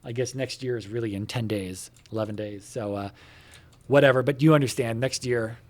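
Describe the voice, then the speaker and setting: A man's voice: mid-range voice, fairly quick. A man casually chatting to viewers from his home computer room while he plays a game, meandering with lots of fillers, casual swearing and asides about the game. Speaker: gamer talking to viewers while playing. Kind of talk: casual rambling chat while gaming.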